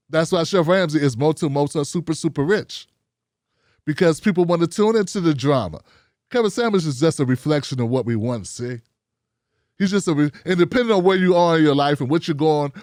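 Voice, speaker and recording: A man hosting a commentary show, giving a blunt, animated opinion monologue full of rhetorical questions. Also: a little high, no room sound, clean studio sound.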